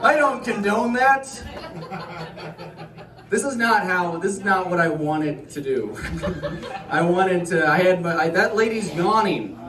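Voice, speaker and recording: A male stand-up comedian telling a rambling, self-deprecating set in deadpan. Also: high voice, unhurried, long pauses, recorded from a distance. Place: comedy club stage. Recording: roomy club sound with crowd laughter.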